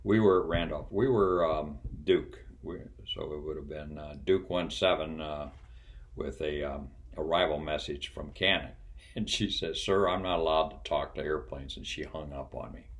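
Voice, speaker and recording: An older man, a retired pilot and flight instructor, tells folksy stories in an unhurried way, pausing often and chuckling. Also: a bass voice. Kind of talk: casual storytelling.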